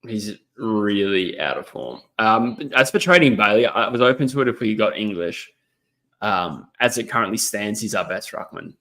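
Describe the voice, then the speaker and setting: Sitting indoors at his laptop, a young Aussie footy livestream host talks at a moderate pace in a lowish, animated, pushed and bright voice. He rambles through match commentary with plenty of ums, chatting with viewers and reading their messages out loud.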